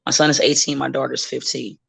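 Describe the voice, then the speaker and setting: A woman's voice: a bass voice, level tone, fairly quick, creaky, breathy edge. A woman wrestler as a podcast guest, talking bluntly and profanely in casual chat and acting out the people she quotes.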